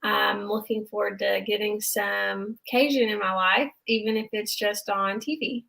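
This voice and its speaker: A young woman, co-hosting a casual recap chat in an excitable, animated way. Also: medium pitch, unhurried, gravelly, low-quality recording. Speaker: podcast co-host.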